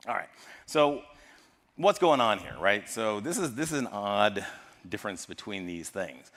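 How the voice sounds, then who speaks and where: Lively American man on a conference stage. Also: lowish voice. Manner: lively, jokey, polls the audience. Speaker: conference speaker. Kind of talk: live tech conference talk. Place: large conference hall. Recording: long hall reverb from a live stage.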